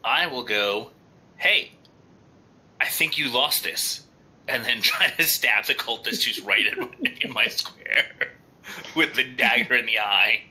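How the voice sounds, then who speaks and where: A man playing a tabletop role-playing game, eager and quick to jump in. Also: mid-range voice, pushed and bright, low-quality recording. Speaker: player. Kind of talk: casual tabletop play.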